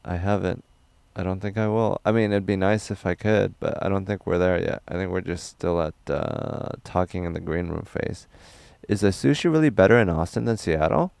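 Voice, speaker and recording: Low, gravelly man with crisp dry voice. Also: moderate pace, hardly any pauses, no echo. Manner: loose, rambling, crude, deadpan. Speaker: comedian livestreaming, reading chat. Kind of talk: casual livestream chat.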